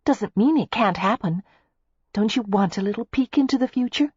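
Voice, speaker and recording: A woman's voice: a little high, unhurried, husky, no room sound, lo-fi sound, pitched above the performer's own voice, exaggerated voice. A woman voicing a playful, teasing young American heiress in an audiobook. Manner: teasing, lively.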